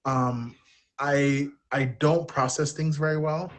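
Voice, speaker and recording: A man's voice: on the high side, fairly even intonation, slow. A man, a podcast guest speaking openly and in a rambling, self-deprecating way. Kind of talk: candid personal storytelling.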